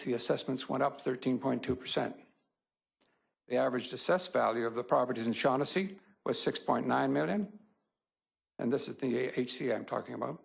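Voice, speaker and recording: A man speaking as a public delegate at a council meeting, reading a prepared statement in a measured, methodical way that mildly rebuts the other side. He has a Canadian English accent. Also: mid-range voice, vocal fry, rough recording. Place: council chamber.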